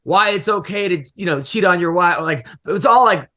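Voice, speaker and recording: High bright-voiced man telling stories. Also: fairly quick. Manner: animated, rambling, laughs often. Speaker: podcast host and comedian. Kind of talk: casual podcast chat, storytelling.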